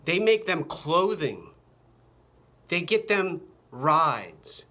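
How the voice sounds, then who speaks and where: A vlogger delivers a rambling, profane, agitated rant to his camera, recorded on the camera mic, repeating phrases over and over. His voice is a little high, very animated, very slow, and pushed and bright.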